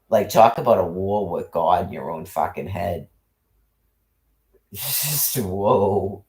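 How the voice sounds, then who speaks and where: Man, low voice, swinging pitch, agitated profane rant, livestream monologue. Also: darkish tone. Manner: agitated, heavy cursing, repeats and restarts, scattered accusations. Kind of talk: ranting monologue to a livestream chat.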